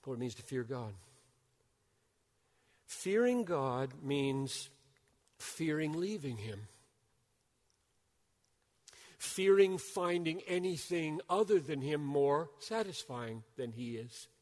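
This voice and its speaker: An older man preaches in a big hall, and his voice rings out with a long reverb tail. His pitch sits a little high for a man. He swings between loud, urgent bursts and soft, breathy near-whispers. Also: big pitch swings, takes it slowly. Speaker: pastor. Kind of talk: sermon.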